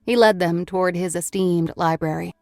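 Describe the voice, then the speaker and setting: A woman's voice: on the low side, fairly even intonation, normal speed, creaky, darkish tone, no echo, studio quality. A woman reading a horror novel aloud as an audiobook narrator, in a scripted storytelling manner.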